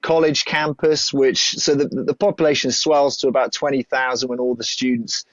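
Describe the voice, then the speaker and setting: A British pastor talking casually as a podcast guest, hesitant and halting, with frequent restarts. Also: male voice, mid-range voice, flat delivery, no echo, dull audio.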